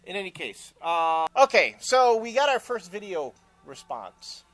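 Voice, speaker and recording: High bright-voiced man talking casually. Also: very animated, a little slow, faint music behind. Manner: opinionated, rambling with many fillers. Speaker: co-host. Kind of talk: casual podcast chat.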